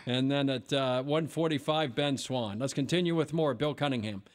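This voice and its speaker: A man hosting a talk radio show, teasing his guest with quick questions. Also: mid-range voice. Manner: teasing, rapid-fire questions.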